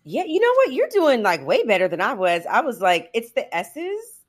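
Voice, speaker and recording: A woman's voice: a little high, huge pitch swings, a little fast. A middle-aged woman hosting a podcast, chatting casually with many "like"s and "you know"s and laughing often. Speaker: podcast host. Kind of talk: casual chat.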